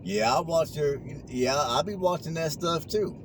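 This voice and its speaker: A man's voice: a little high, measured pace. A man vlogging from his car, giving preachy advice in casual slang and repeating his points. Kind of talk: casual talk while driving. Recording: car noise behind.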